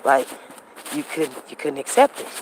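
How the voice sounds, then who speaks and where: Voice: mid-range voice, big pitch swings, moderate pace, a little hiss or hum, poor audio. A show host telling a personal story in a casual, rambling way and acting out conversations. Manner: rambling with frequent restarts. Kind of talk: casual talk monologue.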